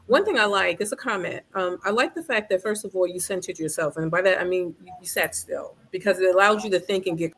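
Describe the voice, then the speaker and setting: Woman guest chiming in, measured and supportive, lots of ums. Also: fairly low pitch, a bit bright. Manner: measured, supportive, with many fillers. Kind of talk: conversational comment.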